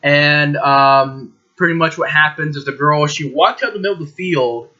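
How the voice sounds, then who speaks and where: A man with a bright, forceful voice talks through a movie plot in a casual, rambling way. He leans on emphatic words and frequent fillers, and his voice sits fairly high. The recording is dull and lo-fi. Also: normal speed. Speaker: movie reviewer. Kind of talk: casual spoken movie review.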